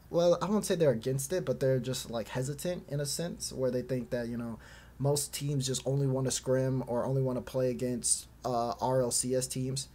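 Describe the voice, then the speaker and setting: On his laid-back esports podcast, the male host meanders through the conversation, using plenty of fillers and laughing a lot, in a medium-pitched, somewhat mellow voice.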